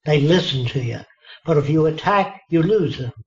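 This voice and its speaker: A man's voice: on the high side, animated, moderate pace. Older man telling anecdotes, muffled. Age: 90s. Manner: anecdotal, acts out quoted dialogue, emphatic asides. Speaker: interviewee. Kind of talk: storytelling in a relaxed interview.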